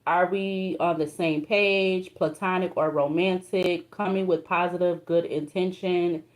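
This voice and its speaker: A woman's voice: on the low side, fairly even intonation, a little slow. A young woman doing a casual tarot reading, reading card meanings aloud in an emotional, colloquial way. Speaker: tarot reader.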